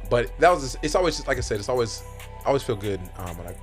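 A man's voice: mid-range voice, big pitch swings, racing, music in the background. A man talking as a podcast guest, telling a story in casual chat, laughing often and dropping in "you know what I mean".

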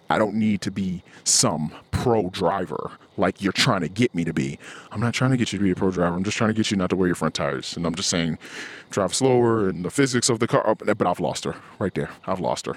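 A man's voice: fairly low pitch, moderate pace, husky. A man hosting a podcast, talking in a blunt, heated, profane rant with lots of restarts. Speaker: podcast host. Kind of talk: casual podcast monologue.

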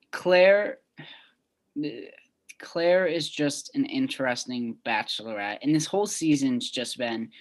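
A young woman co-hosting a podcast in casual chat, recapping events in a measured way. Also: deep voice. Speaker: podcast co-host.

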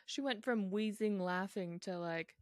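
A woman's voice: mid-range voice, a little slow, a little mellow, no echo, clean studio sound. A young woman co-hosting a podcast, chatting casually and reflectively with plenty of fillers and easy laughter. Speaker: podcast co-host. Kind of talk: casual chat.

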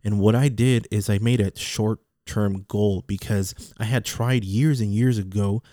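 Guy rambling casual, low mellow voice, keeps repeating himself, dry sound. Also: steady tone, a little slow, no room sound. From Mexican heritage. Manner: rambling, repeats words, restarts often. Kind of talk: casual personal monologue.

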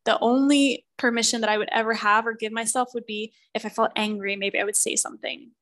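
A woman's voice: on the high side, fairly even intonation, brisk, fairly bright tone, no room sound, low-quality recording. A woman in her thirties, a relationship coach speaking as a podcast guest, talking earnestly and with emphasis, and acting out the voices she quotes. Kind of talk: podcast interview conversation.

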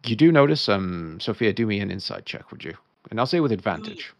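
Gravelly deep-voiced game master. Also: male voice, sing-song, no echo, lo-fi sound. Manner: quick, casual narration with many fillers. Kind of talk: narrating a tabletop game.

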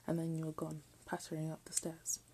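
A woman reading a text aloud in a soft, often half-whispered voice, breaking off for self-mocking jokes. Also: low-pitched, monotone, fairly quick, slight background noise, low-quality recording. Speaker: reader.

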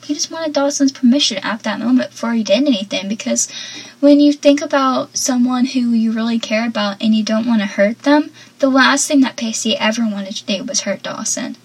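A woman's voice: fairly high pitch, brisk, husky, poor audio. A young woman hosting a podcast, chatting casually and with strong opinions as she recaps a TV episode, with lots of "like.". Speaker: podcast host.

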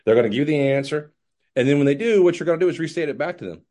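A man giving casual sales coaching, lively and acting out customer conversations. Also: fairly high pitch, rapid-fire. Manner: animated, acts out customer dialogues.

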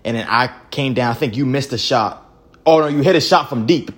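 A man's voice: mid-range voice, brisk. A man co-hosting a podcast, retelling a pickup basketball game in casual, profane slang. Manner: animated storytelling, profane slang. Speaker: podcast co-host. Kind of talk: casual chat.

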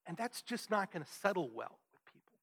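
A man's voice: high-pitched, big pitch swings, a little fast, a bit bright. A man preaching a sermon, emphatic and conversational, often asking his listeners "right?". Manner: emphatic, rhetorical questions, frequent "right?". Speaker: pastor.

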